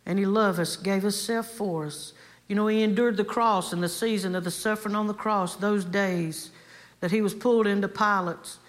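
A woman giving a fervent sermon as a guest preacher, building emphasis through repeated phrases. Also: medium pitch. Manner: fervent, repetitive preaching cadence.

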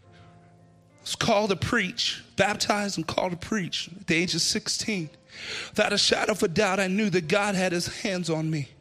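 A man preaching an impassioned sermon and altar call in a church, often shouting with a sing-song preaching cadence. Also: high-pitched, normal speed, faint music behind. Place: church sanctuary.

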